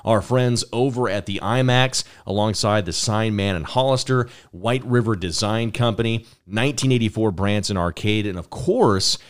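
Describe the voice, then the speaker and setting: A man's voice: on the low side, moderate pace, hardly any pauses, smooth. A man hosting a casual podcast, enthusiastic and repeating words as he starts his thoughts. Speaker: podcast host.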